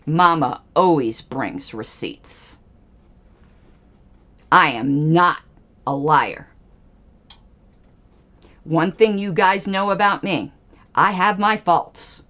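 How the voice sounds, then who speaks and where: A woman's voice: low-pitched, drawn-out words, pauses often, a bit bright. A woman hosting a livestream, giving angry, emphatic political commentary with pointed repetitions. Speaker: livestream host.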